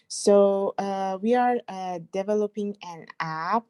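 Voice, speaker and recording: A young woman speaks on a video call, introducing her team's project. Her pace is very slow and her voice is warm and mellow, and she pauses hesitantly often. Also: medium pitch, smooth. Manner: hesitant, many fillers. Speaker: PhD student presenter. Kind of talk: casual introduction.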